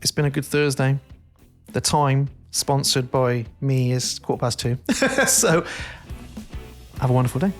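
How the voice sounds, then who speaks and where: A man hosting a casual podcast chat as a coach, playful and quick to laugh and swear. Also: mid-range voice, big pitch swings, faint music behind.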